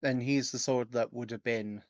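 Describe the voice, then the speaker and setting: A man co-hosting a podcast in casual chat, speaking in a measured, hedging way with frequent "and such". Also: mid-range voice, steady tone, no room sound. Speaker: podcast co-host.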